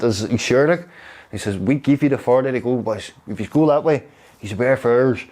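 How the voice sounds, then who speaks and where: Halting man with Derry accent. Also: medium pitch, darkish tone. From Derry, Northern Ireland. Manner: rambling, halting, with fillers. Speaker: interviewee. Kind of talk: casual storytelling.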